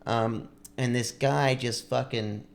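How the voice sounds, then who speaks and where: A man's voice: medium pitch, fairly even intonation, takes it slowly, gravelly. A young man on a podcast telling a long story in a casual, rambling way, full of likes and restarts. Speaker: podcast co-host.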